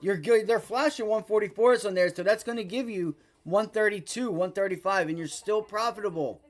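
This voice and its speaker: A livestream day trader comments live on his trades during a stock stream, swearing often and rambling in an excitable way. His voice is high and he talks a little fast.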